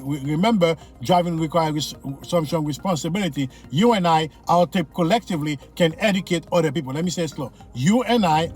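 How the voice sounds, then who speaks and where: A man's voice: fairly high pitch, a little mellow. Man coaching from the driver's seat. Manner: repetitive, coaching, speaks straight to viewers. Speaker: driving instructor. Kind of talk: casual in-car driving lesson commentary. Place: inside a car in city traffic.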